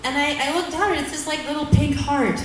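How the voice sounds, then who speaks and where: A slightly high-voiced woman in her thirties tells stand-up stories at an open mic, rambling and self-mocking, leaning on fillers. When she acts out her own frustration she bursts into loud outbursts. She sounds distant from the mic, and the room rings with heavy echo. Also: steady tone, a little fast, a little hiss or hum. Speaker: stand-up comic. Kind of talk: stand-up storytelling. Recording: echoey room, mic heard from far off.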